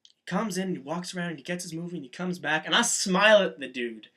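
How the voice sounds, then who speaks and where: A man's voice: sits high, fairly quick, bright, forceful tone. A man vlogger telling a profane, sarcastic rant story about a customer. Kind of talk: ranting storytelling vlog.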